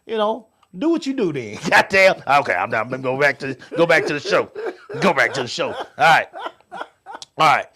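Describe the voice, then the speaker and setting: A middle-aged man co-hosting a casual show, swearing freely and swinging between loud outbursts and quiet asides. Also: fairly high pitch, sing-song, brisk. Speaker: podcast co-host. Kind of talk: casual chat with listeners.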